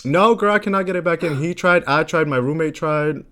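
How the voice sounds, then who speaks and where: A man's voice: on the high side, fairly quick, a bit bright. A young man co-hosting a podcast, telling a dating story in a casual chat, acting out quotes and laughing often. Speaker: podcast co-host.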